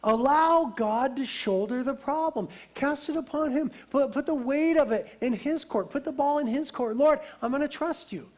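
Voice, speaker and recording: High-voiced man preaching a sermon. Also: moderate pace, few pauses. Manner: lively, emphatic preaching with a conversational aside. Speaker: pastor.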